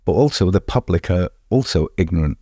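A man's voice: deep voice, expressive, a little fast, mellow, no room sound, studio quality. A middle-aged man, answering in a podcast interview, emphatic and often repeating words as he restarts. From England. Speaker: street art festival founder.

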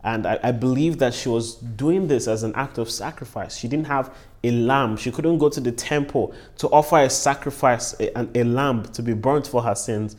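A man's voice: mid-range voice, moderate pace, a little mellow. Earnest man teaching the Bible. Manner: earnest, repeats key phrases for emphasis; exclamations of praise between points. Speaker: preacher and podcast host.

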